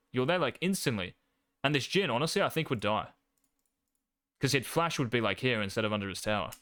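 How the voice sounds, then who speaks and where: A man's voice: mid-range voice, a bit bright, no room sound, clean studio sound. A young adult man, casually coaching gameplay, brash and cocky, swearing freely.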